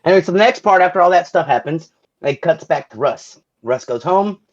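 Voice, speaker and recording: Fast-talking joking man, slightly higher voice. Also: expressive, muffled recording. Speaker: podcast co-host. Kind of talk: casual chat.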